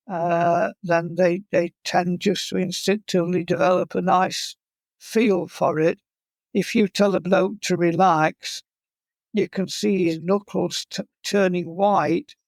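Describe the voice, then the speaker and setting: Man, fly casting instructor. Slow, drawn-out delivery, humorous storyteller, fairly high pitch. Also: no room sound. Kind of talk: casual interview chat.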